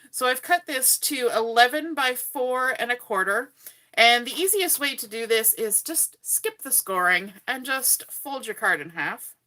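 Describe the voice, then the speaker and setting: A Canadian woman with a fairly high, sharp voice hosts a live card-making tutorial from her home, chatting away and greeting viewers by name as she works. She has the hiccups.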